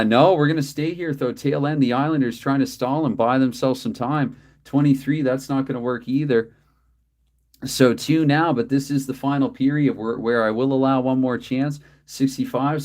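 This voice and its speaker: A man calling play-by-play for a dice hockey game from his desk, chatty and quick to correct himself with apologetic asides. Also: mid-range voice, darkish tone. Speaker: tabletop hockey game host.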